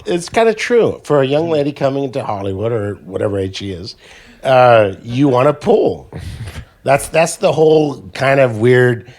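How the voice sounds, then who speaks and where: A man's voice: mid-range voice, moderate pace, a little mellow. A man in a casual podcast chat, joking and throwing in crude quips.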